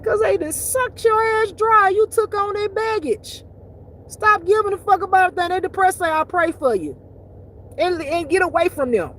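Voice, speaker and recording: A woman's voice: extremely high pitch, normal speed, a bit bright, a little hiss or hum. A woman giving blunt, profane, emphatic spiritual life advice in a casual talk.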